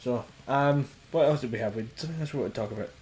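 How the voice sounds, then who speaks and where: A man's voice: mid-range voice, very fast, darkish tone, slight background noise, poor audio. A young man co-hosting a podcast, chatting casually with dry, wry banter. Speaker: podcast co-host.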